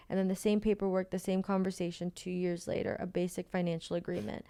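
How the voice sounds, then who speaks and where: A woman co-host reading a novel aloud in a steady first-person narration. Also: lowish voice, quick pace, hardly any pauses, clean tone, no echo. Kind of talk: reading a novel aloud, then casual chat.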